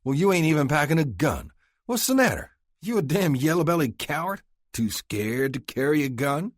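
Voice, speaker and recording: A man voicing a brash, hot-headed young male Texan cowhand with a loud, sneering delivery, in an audiobook with a dry sound. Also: mid-range voice, big pitch swings, dry recording, voice pushed up. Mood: taunting. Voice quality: loud, sneering, quick to shout.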